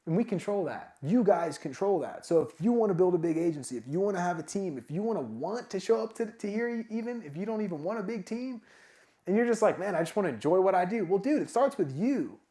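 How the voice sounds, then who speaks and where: A man giving a casual, energetic motivational talk at a sales summit, full of filler words like "like" and "man". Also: high voice, brisk. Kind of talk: motivational talk to a live audience. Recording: echoey event room.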